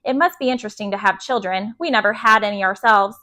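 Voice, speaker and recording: A woman's voice: mid-range voice, quick pace, bright, forceful tone, close to an everyday voice. A woman voicing a fussy, easily shocked older woman guest in a storybook read-aloud, prissy and shrieking. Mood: prim.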